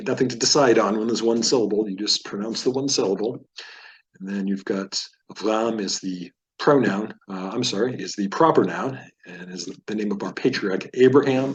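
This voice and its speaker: Low-voiced man teaching Hebrew pronunciation. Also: rough recording. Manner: patient, explanatory, stretches words slowly to model pronunciation. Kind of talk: screen-share lesson.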